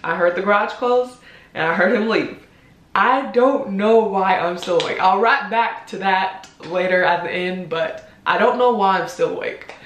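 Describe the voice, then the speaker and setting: Hesitant young woman in a roomy echo. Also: mid-range voice. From United States. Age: 20s. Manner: hesitant, heartfelt, many pauses and ums. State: holding back tears. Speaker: vlogger. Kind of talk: personal confessional vlog.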